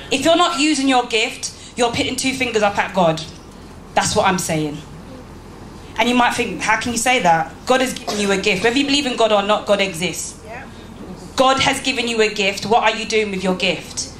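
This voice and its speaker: Her voice high-leaning and a bit bright, a woman speaks emphatically to an audience gathered in a church hall, challenging them with rhetorical questions. The roomy recording has slight background noise and faint ambient sound.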